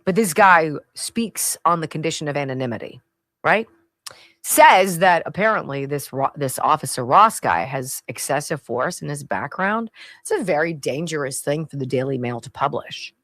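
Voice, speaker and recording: A woman's voice: deep voice, animated, normal speed, a bit bright, no room sound. A woman hosting a talk radio show, giving sarcastic, emphatic commentary and reading ad spots with a hard sell.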